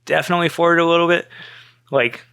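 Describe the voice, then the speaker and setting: A man in his thirties telling a story in casual chat, animated, cursing freely and acting out both sides of the conversation. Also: fairly high pitch, fast talker, gravelly, smooth, no room sound. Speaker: podcast guest.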